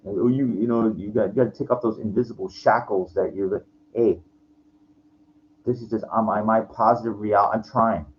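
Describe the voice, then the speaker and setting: A man in his forties with a lowish voice vents in a rambling, profane personal rant. He restarts his sentences again and again, and the recording is lo-fi with faint noise underneath. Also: fairly even intonation, normal speed. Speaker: vlogger. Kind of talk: frustrated personal rant to camera.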